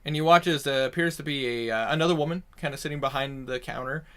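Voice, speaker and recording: Guy dming a tabletop game, rambly scene descriptions, kinda high voice. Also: fast, a bit bright, clean tone. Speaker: game master.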